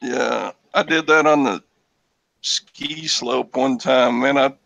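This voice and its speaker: A man at a middle pitch, chatting in an easygoing way and telling a relaxed story. His audio is dull and muffled, and the sound is dry and close. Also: takes it slowly, creaky, no room sound. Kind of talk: casual group chat.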